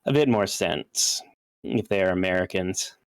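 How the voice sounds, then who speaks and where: A wary, wealthy young gentleman with a smooth, clear voice sits a little low and dry, a game master putting him on, questioning strangers in a curt, guarded manner during a tabletop game. His tone is plain and close to the mic. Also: a little slow, no echo. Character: wealthy French-speaking young man, wary of outsiders.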